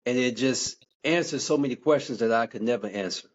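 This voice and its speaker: A man being interviewed as an author, talking in a measured, reflective way with many "you know" asides. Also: medium pitch, muffled recording. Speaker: guest author.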